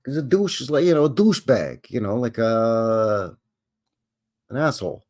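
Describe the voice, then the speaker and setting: A Canadian man from the west of the country hosts a live stream, his mid-range voice animated, a little mellow, and moving at a moderate pace. He rambles through the chat, acting out quoted voices and answering viewers.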